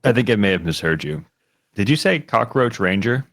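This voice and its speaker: A man's voice: lowish voice, big pitch swings, moderate pace, a bit bright. A man playing in a tabletop game, chatting with a playful, giggly manner. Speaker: player. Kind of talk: casual chat.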